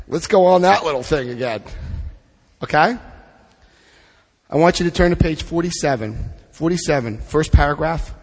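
A man's voice: a little high, animated, moderate pace, pauses often, long reverb tail. A man leading a twelve-step study group, reading passages aloud and adding blunt, joking asides. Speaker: recovery workshop leader.

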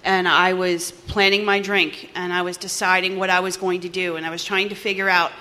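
A woman from New Jersey giving personal testimony at a recovery meeting, animated and acting out the voices in her story. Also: on the low side, a little fast. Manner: animated storytelling, acts out dialogue, laughs often.

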